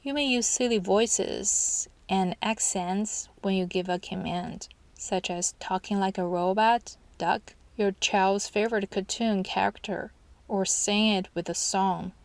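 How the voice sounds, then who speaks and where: A woman reading a scripted parenting book summary in a calm, steady, instructional way. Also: mid-range voice, unhurried, no room sound. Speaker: parenting channel narrator.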